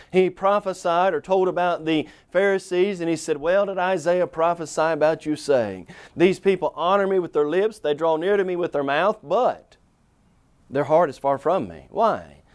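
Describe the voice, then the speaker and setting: A man preaching a televised sermon, earnest and emphatic, asking rhetorical questions and slowing down to stress key phrases. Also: fairly high pitch, clear, resonant tone.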